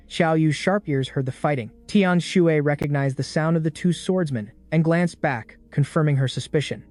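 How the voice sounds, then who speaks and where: A man's voice: fairly high pitch, moderate pace, few pauses, a little mellow. Man narrating a dramatic story recap. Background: faint background music.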